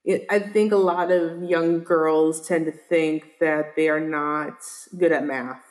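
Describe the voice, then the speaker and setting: A woman's voice: low-pitched, steady tone, slow, a little mellow. A woman hosting a podcast interview, asking questions in a tentative way with many "like"s and "uh"s. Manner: tentative, lots of "like" and "uh". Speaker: podcast host.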